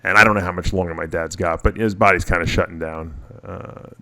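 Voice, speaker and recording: Low, bright-voiced man rambling through stories. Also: fairly even intonation, fairly quick. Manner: rambling, personal storytelling with many restarts. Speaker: podcast host. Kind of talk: casual radio show chat.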